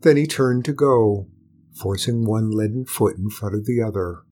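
A man reading a storybook aloud in a calm, measured, gentle way. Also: fairly low pitch. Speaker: narrator.

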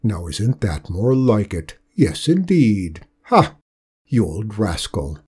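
A man's voice: fairly low pitch, sing-song, slow, mellow, slightly rough, full character voice. A man voicing Death as a chatty, officious male figure who relishes his bookkeeping, in a storybook reading. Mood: smug.

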